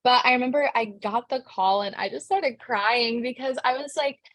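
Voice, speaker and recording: A woman's voice: fairly high pitch, moderate pace, a bit bright, dry recording. A young woman, an actress, answering interview questions in a bubbly, chatty way, full of "like" fillers.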